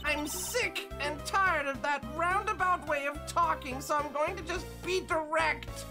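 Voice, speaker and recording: A woman voicing a whiny, elderly busybody woman in a drawn-out, nagging manner, reading game dialogue over game music. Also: high voice, pitched above the performer's own voice. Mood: complaining.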